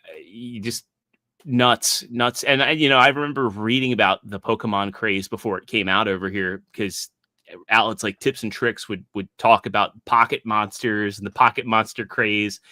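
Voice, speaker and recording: A man's voice: on the low side, fairly even intonation, moderate pace, sharp tone, no echo, studio quality. A man in his thirties co-hosting a podcast, chatting casually with lots of asides while watching a documentary. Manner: chatty, full of asides and restarts. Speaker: podcast co-host.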